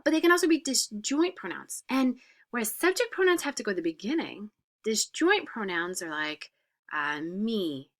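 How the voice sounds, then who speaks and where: A woman's voice: medium pitch, bright, forceful tone. A woman French teacher explaining grammar in a recorded lesson, patient, with frequent "uh" fillers and whispered examples.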